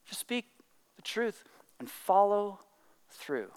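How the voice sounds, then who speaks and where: A man preaching a sermon in an animated way, acting out excuses in little voices and dropping to quiet emphasis. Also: high-pitched, slow pace, clean tone, big-room sound. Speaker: pastor.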